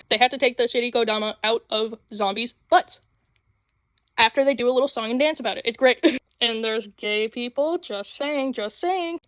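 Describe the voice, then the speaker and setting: A young woman rambling excitedly about anime in a casual vlog, full of fillers and sudden jumps in voice. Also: on the high side, no echo. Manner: rambling, excitable, with frequent fillers and quick voice switches. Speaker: anime vlogger. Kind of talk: casual chat. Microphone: phone mic.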